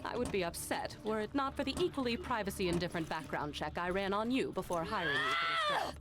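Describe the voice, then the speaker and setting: A woman's voice: mid-range voice, huge pitch swings, fast, over music. A woman voicing an eccentric, paranoid female scientist in a video game, talking dry and clipped. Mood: deadpan.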